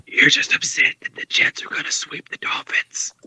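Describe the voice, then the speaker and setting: Whispering man with deadpan jokes. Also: normal speed. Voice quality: whispering throughout. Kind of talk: whispered banter on a podcast call.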